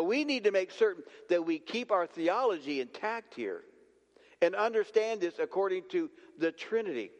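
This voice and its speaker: A man preaching a sermon as pastor, dramatic and slowing his words for emphasis. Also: high-pitched, a little mellow, dull audio. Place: church sanctuary. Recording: long church reverb.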